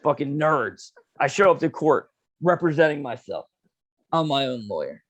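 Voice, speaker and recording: Young male podcast host, slightly high voice, rambling profane storyteller. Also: big pitch swings, normal speed, a bit bright. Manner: profane, laid-back storytelling with lots of "dude" and "you know". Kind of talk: casual storytelling chat.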